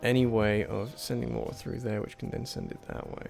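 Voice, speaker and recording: A man's voice: medium pitch, steady tone, fairly quick, vocal fry, darkish tone, soft background music. A man doing casual gameplay commentary on a puzzle game, muttering to himself as he works things out, with self-deprecating asides and sudden frustrated outbursts.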